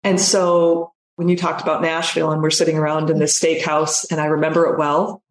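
A woman's voice: low-pitched, level tone, a little fast, echoey room, a little hiss or hum. A woman guest telling a personal story in conversation, speaking emphatically and repeating phrases for effect.

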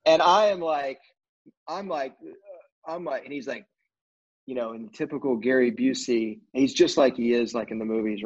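A man in casual conversation, telling rambling, animated stories about his career in film, with lots of fillers and restarts. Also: mid-range voice. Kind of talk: casual storytelling interview. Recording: dull lo-fi audio.

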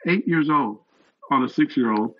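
A man's voice: mid-range voice, moderate pace, lo-fi sound. A man in his sixties, a retired fire captain, telling stories earnestly as an interview guest. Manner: earnest, animated storyteller. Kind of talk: storytelling interview.

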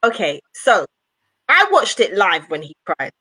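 A woman in casual podcast chat. She is animated and playfully blunt, and laughs as she talks. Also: on the low side, unhurried, slightly rough, dry recording, low-quality recording.

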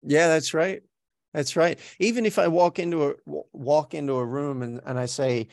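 A gravelly-voiced man with an Australian accent talks over a dry, close microphone. He speaks as an interview guest, chatty and self-reflective, and often restarts his sentences. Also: a little high, fairly quick, darkish tone, dry recording. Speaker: guest, actor. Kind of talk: podcast interview.

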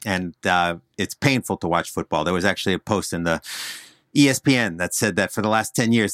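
A man from northern New Jersey hosting a podcast chat, animated, joking and opinionated. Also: deep voice, no room sound, studio quality. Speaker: podcast host.

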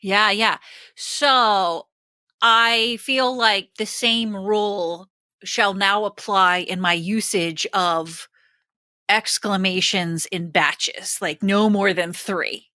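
A woman's voice: medium pitch, fairly even intonation, takes it slowly, bright, forceful tone, no room sound. A woman co-hosting a podcast in casual chat, hesitant and self-deprecating. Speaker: podcast co-host and coach.

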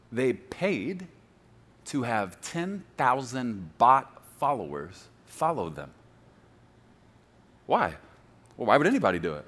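A man preaching a sermon as a pastor, swinging from loud shouts to quiet, close talk. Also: mid-range voice. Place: church sanctuary.

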